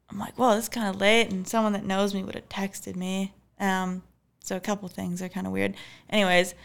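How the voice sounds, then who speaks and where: A woman's voice: medium pitch, vocal fry, clean tone. Chatty woman telling a story. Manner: chatty, lots of "like" and "anyways", laughs easily. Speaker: podcast guest. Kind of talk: casual storytelling.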